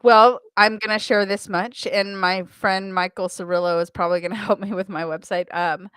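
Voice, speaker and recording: A woman's voice: mid-range voice, steady tone, normal speed, fairly bright tone, smooth, no room sound, clean studio sound. An American woman in the car sales business, chatting energetically in an interview, laughing often and restarting her sentences. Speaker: automotive sales trainer, guest. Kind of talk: casual interview chat.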